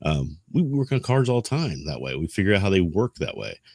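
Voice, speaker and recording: A middle-aged man with an extremely deep, low voice, chatting loosely on a podcast. He rambles and reminisces, poking fun at himself. The sound is close and dry, with no room around it. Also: very animated, fairly quick, darkish tone, no echo. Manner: rambling, reminiscing, self-deprecating. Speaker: podcast co-host. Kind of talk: casual podcast discussion.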